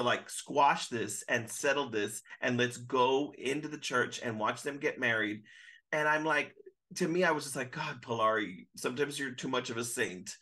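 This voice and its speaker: A man talking as a podcast guest in casual recap chat, emphatic and quick to quote his own reactions. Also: medium pitch, pushed and bright.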